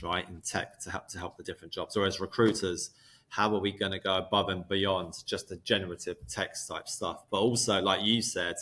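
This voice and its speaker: A man's voice: sits low, bright, forceful tone. A man talking in a conversational interview as a podcast guest, laying out ideas step by step in a thoughtful way. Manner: thoughtful, explaining use cases step by step.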